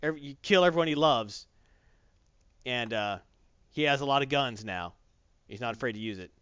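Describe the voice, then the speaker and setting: Animated man rambling through a story. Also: medium pitch, fairly quick, clean tone, dry recording, muffled recording. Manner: rambling, animated, heavy on fillers. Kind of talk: casual chat retelling a comic story.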